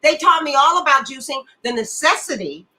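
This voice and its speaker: A woman's voice: high-pitched, expressive, a little fast, pushed and bright, low-quality recording. A woman in her seventies co-hosting a casual chat show, bubbly and affectionate, calling friends baby and boo-boo. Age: 70s. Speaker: co-host.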